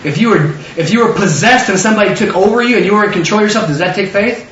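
Lively male preacher, high pitch, plays the scripture figures in voices; dull lo-fi distant room recording. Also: racing, a little hiss or hum. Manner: animated, acts out biblical figures in excited voices. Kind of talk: sermon. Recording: roomy, distant, dull lo-fi sound.

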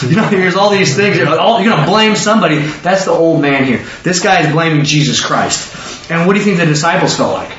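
A man's voice: a little high, expressive, fairly bright tone, slight background noise. A man teaching a Bible study sermon, firing questions at listeners and waiting for their answers. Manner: quizzes listeners with rapid questions. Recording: echoey dull room recording from far off.

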